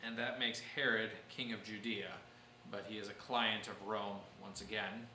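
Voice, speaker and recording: A man's voice: on the low side, level tone, normal speed, pushed and bright, roomy sound, slight background noise, low-quality recording. A man teaching a church history class, explaining events patiently and answering questions from his students.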